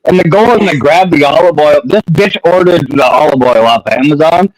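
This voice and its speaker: A man's voice: fairly high pitch, fairly quick, no room sound, rough recording. A man on a live radio chat who retells stories casually and swears freely.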